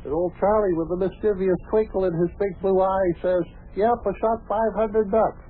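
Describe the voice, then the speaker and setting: On an old radio show, an actor plays a long-winded, chuckling male pal who rambles cheerily through folksy tall tales. His voice sits high with fairly even intonation at a normal speed, heard through a tinny old radio broadcast.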